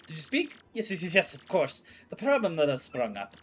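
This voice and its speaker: A man's voice: a little high, huge pitch swings, fairly quick. A man voicing a pompous, flamboyant male ship owner who speaks in a grand, theatrical manner. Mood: grandiose.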